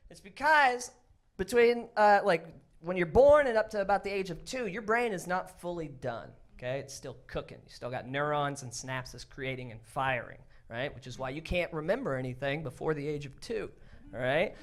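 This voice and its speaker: A man doing a stand-up comedy set, animated and often yelling in put-on voices. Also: on the high side, normal speed. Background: audience in a club.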